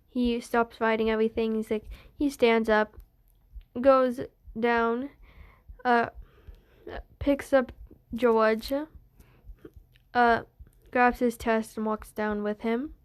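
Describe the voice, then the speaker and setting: Brief: woman with a higher voice, loosely recounting a fan story at a slow, halting pace. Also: little pitch movement, clean tone. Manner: meandering, full of restarts and "being like". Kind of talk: rambling spoken retelling of a fan story.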